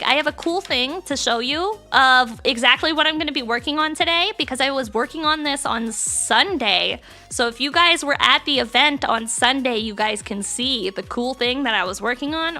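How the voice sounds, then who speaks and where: A young woman streaming live, chatting casually with her chat, bubbly and prone to sudden excited squeals. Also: high voice. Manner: bubbly, reads and answers chat, jumps to squeals.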